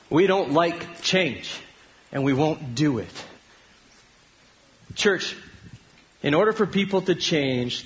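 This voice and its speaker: A middle-aged Canadian man preaching a sermon, talking with his congregation more than at them and often stopping to ask them questions. His voice sits a little high for a man. The recording sounds dull and lo-fi. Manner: conversational, asks the congregation questions. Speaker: pastor.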